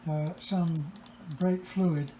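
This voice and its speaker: A man telling a travel story casually, explaining events step by step in a measured way. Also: a little high, fairly even intonation, mellow, a little hiss or hum. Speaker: co-host. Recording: roomy echo.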